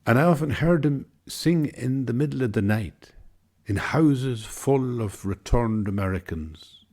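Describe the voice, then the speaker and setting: A man's voice: medium pitch, lively intonation, measured pace, a little mellow. An Irish man telling a personal story in a reflective, meandering, wry way.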